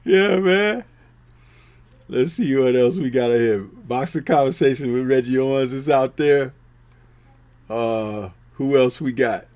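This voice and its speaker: A man hosting a boxing talk live stream, chatting casually and reading out viewer comments with a laid-back, drawn-out delivery. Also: mid-range voice, a little mellow.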